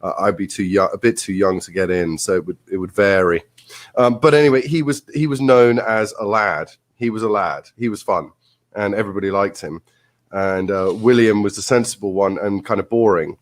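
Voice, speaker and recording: A man's voice: fairly low pitch, normal speed. A man with an upper-class English accent, a guest speaking over a video call in blunt, opinionated casual chat.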